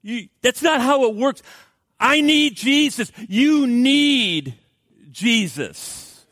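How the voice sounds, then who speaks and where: Middle-aged man preaching, high-pitched voice, dry close sound, urgent pleas and hushed asides, repeats words for emphasis. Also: animated, very slow, dry recording. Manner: swings from loud urgent pleading to hushed low asides. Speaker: pastor. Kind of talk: sermon.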